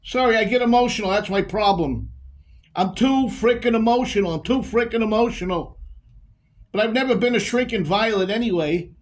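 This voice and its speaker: A man's voice: high voice, normal speed, close to an everyday voice. A man performing a poetry monologue as a confused, emotional divorced man who repeats his phrases and draws out his words.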